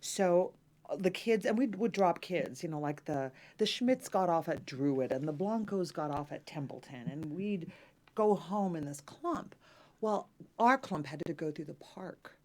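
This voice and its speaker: A woman from Los Angeles, a mezzo-soprano guest, telling personal stories in an animated interview. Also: on the low side, unhurried. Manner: animated, warm storytelling with lively acted quotes.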